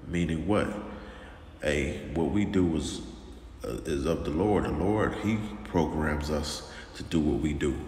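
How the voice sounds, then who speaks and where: A man preaching informally and sternly, talking slowly with lots of repetition and restarts. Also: extremely low pitch, darkish tone. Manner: slow and drawn-out, repeats himself, calls listeners "man", stern. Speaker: religious teacher. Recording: echoey room with long reverb and faint noise.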